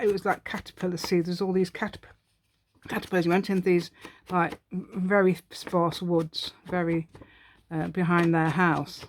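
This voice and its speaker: A woman's voice: fairly low pitch, a little hiss or hum. A woman hosting a crafting tutorial, chatting as she works, rambling and laughing often. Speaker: craft channel host.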